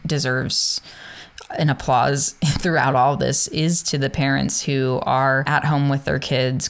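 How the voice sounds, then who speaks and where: A woman hosting a casual conversation, speaking in a thoughtful, measured, rambling way. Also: extremely low pitch, vocal fry, smooth.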